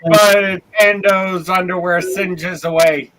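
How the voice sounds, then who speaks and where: A man playing a tabletop game, speaking as a player in a wry, deadpan way. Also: high-pitched, slow. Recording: clear background noise.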